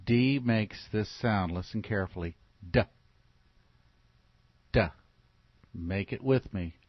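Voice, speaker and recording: A man's voice: on the low side, normal speed, dry recording. A man teaching children letter sounds in a phonics lesson, patient and repetitive, asking them to repeat after him. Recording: dull, lo-fi recording.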